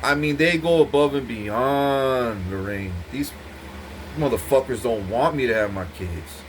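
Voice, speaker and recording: A man's voice: medium pitch, a little slow, slight background noise. A man giving an intense, profane, rambling monologue to the camera, repeating himself as he goes. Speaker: vlogger speaking to camera.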